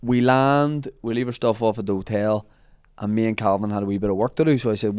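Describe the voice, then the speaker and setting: A man hosting a comedy podcast, telling an animated anecdote in casual chat and laughing often. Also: lowish voice, fast talker, smooth, dry recording, studio quality.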